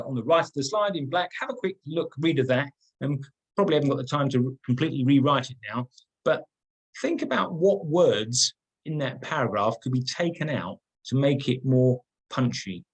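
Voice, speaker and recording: A man's voice: mid-range voice, poor audio. A middle-aged man leading an online training workshop, talking conversationally, repeating words and stressing key points. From England.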